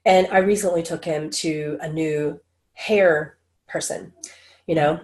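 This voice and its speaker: A middle-aged woman speaking as an interview guest, telling stories animatedly and acting out quoted people in a higher voice. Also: fairly even intonation, slow, a little mellow. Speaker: interview guest, channel and medical intuitive. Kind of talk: casual interview talk.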